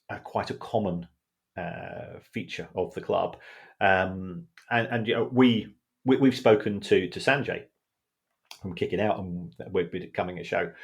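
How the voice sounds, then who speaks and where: A man's voice: low voice, vocal fry. A man co-hosting a podcast as the football finance expert, explaining in a casual, hesitant way and often repeating words.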